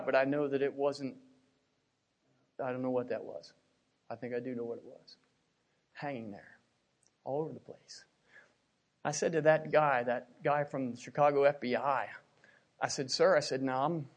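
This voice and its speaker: A middle-aged man from Pennsylvania preaching a sermon, telling a personal story with emotion and repeating his words as he swings from hushed to loud. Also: medium pitch, steady tone, normal speed, pauses often.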